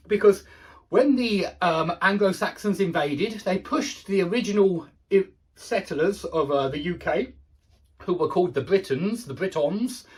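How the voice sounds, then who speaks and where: A man teaching English vocabulary in a relaxed, explanatory way, repeating and rephrasing each point with small fillers. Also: sits high. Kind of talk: casual explanatory vocabulary lesson.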